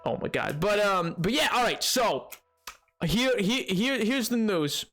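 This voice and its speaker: A high-pitched man chats casually to his stream viewers, excitable and playful, with frequent exclamations. Faint music plays underneath. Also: a little slow. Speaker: livestreamer.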